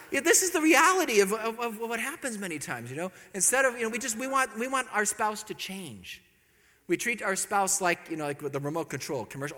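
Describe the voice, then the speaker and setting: A man giving a sermon, telling stories in an animated way and acting out the voices of the people in them. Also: high voice, normal speed, in a large hall. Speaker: preacher.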